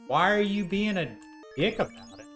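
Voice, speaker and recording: A man's voice: high voice, lively intonation, moderate pace, fairly bright tone, faint music behind, voice pushed up. A man voicing a whiny, defensive spellcaster from a fantasy game party, sounding indignant.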